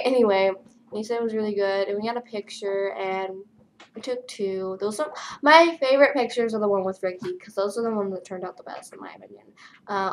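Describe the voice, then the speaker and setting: A young woman talks to her camera in a worn-out, flat voice and leans on loose fillers. Her pitch sits in the middle, with a faint hiss of noise behind her. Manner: tired, flat delivery with many fillers. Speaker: vlogger. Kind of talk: casual storytelling vlog.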